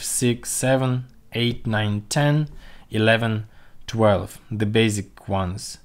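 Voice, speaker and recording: A man teaching a livestreamed vocabulary lesson, slowly modelling pronunciation and repeating sounds for his students. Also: on the low side, a little mellow. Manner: slow, careful, demonstrates pronunciation by repeating sounds. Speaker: language teacher. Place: home room, streaming. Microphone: computer mic on a livestream.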